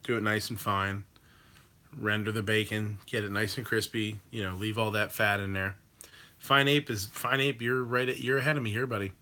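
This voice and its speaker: A man hosts a live stream in a loose, rambling way, with plenty of ums and the odd curse. His voice is bright and forceful. He reacts freely to what his viewers type. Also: lowish voice, steady tone, normal speed. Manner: rambling, loose, with swearing and many fillers. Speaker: livestream host reading chat. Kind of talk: casual chat.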